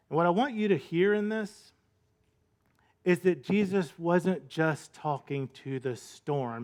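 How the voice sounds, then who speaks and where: A man's voice: fairly high pitch, lively intonation, a little slow. A male pastor giving a sermon in a conversational, storytelling way, full of rhetorical questions.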